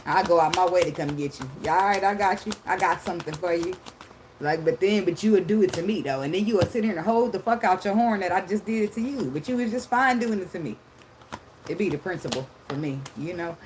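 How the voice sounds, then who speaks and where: A woman's voice: on the low side, quick pace, slight background noise, low-quality recording. Brash, laughing woman in her thirties. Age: 30s. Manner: loud, profane, laughing storyteller. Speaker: tarot reader. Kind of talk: casual tarot reading chat.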